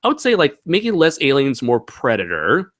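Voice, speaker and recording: A young man reads viewer questions on his livestream in a bright, forceful voice. He rambles, laughs and fills gaps with "uh, let's see". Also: mid-range voice, huge pitch swings, normal speed. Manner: rambling, laughs often, many fillers. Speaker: channel host. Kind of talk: casual livestream Q&A chat.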